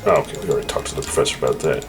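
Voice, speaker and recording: A man's voice: rumbling low, racing, faint music behind, rough recording. A man casually commenting on his space game and reading its dialogue aloud. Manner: chatty, offhand, yawning. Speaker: gaming YouTuber.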